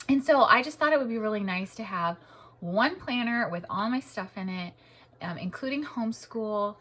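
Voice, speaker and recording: Young woman, hoarse and husky voice, casual rambling chat, homeschool mom vlogger. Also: medium pitch. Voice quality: rough, husky. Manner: chatty, rambling with fillers. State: hoarse, partly lost voice.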